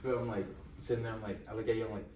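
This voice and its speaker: A man's voice: lowish voice, fairly even intonation, racing, darkish tone. A young man co-hosting a podcast in casual chat, teasing and blunt with plenty of slang. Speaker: podcast co-host. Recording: roomy echo, far from mic, faint noise.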